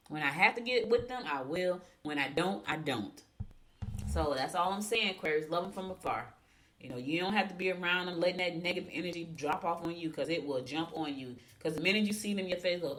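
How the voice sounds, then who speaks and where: A woman's voice: lowish voice, fairly quick, a bit bright, a little hiss or hum. Chatty woman radio host. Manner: chatty, emphatic, gossipy storytelling. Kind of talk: casual radio talk and horoscopes.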